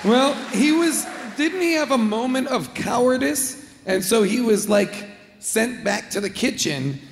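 A man co-hosting a live comedy podcast about a movie, rambling excitedly and acting out characters. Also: extremely high pitch, unhurried, creaky, roomy sound, big-room sound, some chatter behind, slight background noise. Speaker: podcast co-host. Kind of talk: casual comedic movie chat before a live audience. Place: live stage in a large hall.

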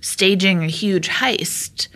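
A woman's voice: medium pitch, slow pace, fairly bright tone. A woman co-hosting a casual podcast, emphatic and incredulous as she talks. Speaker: podcast co-host. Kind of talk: casual chat.

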